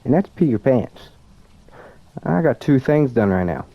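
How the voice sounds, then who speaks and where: A man's voice: mid-range voice, very animated, unhurried, creaky, no room sound. Nervous young man narrating a scary game. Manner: nervous, self-mocking, talks to viewers. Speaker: student gamer. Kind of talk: casual game commentary. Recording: dull lo-fi sound.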